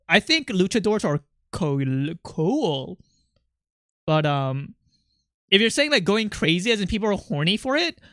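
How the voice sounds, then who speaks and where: A livestreamer chatting casually with viewers, rambling and excitable, jumping from topic to topic. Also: mid-range voice, clean tone, dry recording, clean studio sound.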